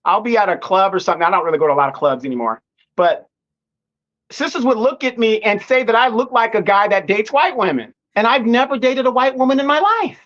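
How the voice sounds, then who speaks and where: High-voiced man on muffled remote audio. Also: animated, brisk, a bit bright. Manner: repeats words when starting a point, firm and opinionated. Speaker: guest commentator. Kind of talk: live online discussion.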